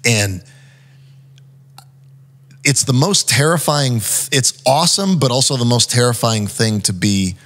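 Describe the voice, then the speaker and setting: A man, a guest actor, telling stories in casual chat, animated, often acting out what others said, with lots of fillers. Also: medium pitch, measured pace, long pauses. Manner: animated, acts out quotes, frequent fillers.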